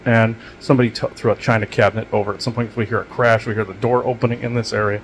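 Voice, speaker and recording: A man's voice: fairly low pitch, level tone, fast, slight background noise. Rambling man with lots of ums. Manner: meandering, many fillers and restarts; matter-of-fact about odd experiences. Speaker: channel host. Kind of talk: rambling casual monologue.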